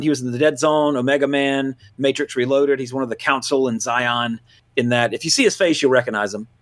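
A man's voice: medium pitch, a bit bright. A man from Louisiana, hosting a movie podcast in loose casual chat, full of fillers and self-corrections. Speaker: podcast host.

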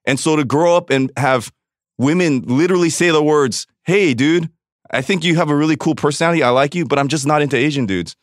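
A man from Los Angeles with a fairly quick, higher voice tells a personal story as a podcast guest, blunt and profane, acting out what others said to him. The recording is studio quality with no echo.

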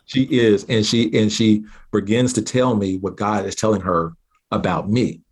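A man from southeastern Oklahoma, a guest earnestly telling a personal story with halting restarts. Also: lowish voice, steady tone, breathy edge. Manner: earnest, halting restarts, slows down at key moments.

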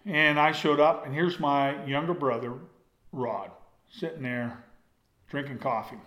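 Slow, rambling older man in a roomy space. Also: on the high side, a bit bright. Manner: digressive, folksy, trails off and circles back. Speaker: hunting guide and storyteller. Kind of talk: rambling personal storytelling. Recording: roomy echo.

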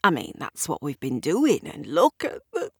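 A woman voicing a muddled, earnest old man who speaks gruffly and breaks off mid-sentence in a storybook reading. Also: deep voice, wildly swooping pitch, normal speed, no room sound, clean studio sound, exaggerated voice.

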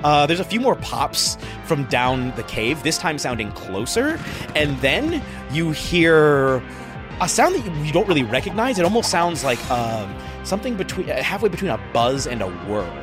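A man's voice: mid-range voice, big pitch swings, moderate pace, music in the background. A man narrating a tabletop game as game master, describing scenes casually with fillers.

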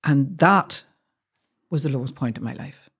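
A woman's voice: rumbling low, animated, unhurried, breathy edge. A woman with a Northern Irish accent, a guest recounting a personal story in an earnest, heartfelt way, often restarting her sentences.

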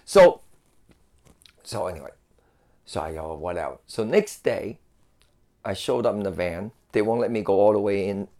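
Man, gravelly, casual storyteller, restarts a lot. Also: on the low side, animated, moderate pace, pauses often, mellow. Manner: rambling storyteller, many fillers and restarts. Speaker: guest telling a story. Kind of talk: casual chat.

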